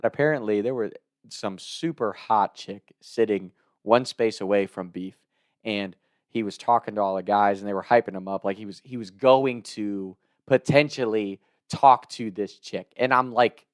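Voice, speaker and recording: Young guy, casual anecdote, mid-pitched, dry close sound, laughs a lot. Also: normal speed, no echo. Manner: chatty, laughs between lines, loud voiced impressions. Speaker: storyteller. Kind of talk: casual storytelling.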